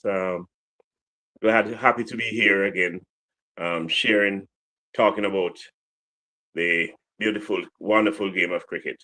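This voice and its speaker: A man appearing as a guest on a cricket chat, speaking in a measured way with hesitant fillers. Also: sits low, pushed and bright. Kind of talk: casual talk show chat.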